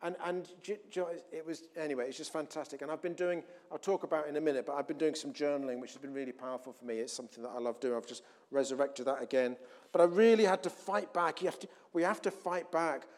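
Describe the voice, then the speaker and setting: A man preaching a sermon in a conversational way, often restarting, swinging between loud emphasis and quiet asides. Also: on the high side, fast, hardly any pauses.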